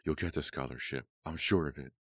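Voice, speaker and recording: Man reading kind teen girl, soft, encouraging, deep voice, dry close sound. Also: a little fast, no room sound. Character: kind teenage girl friend.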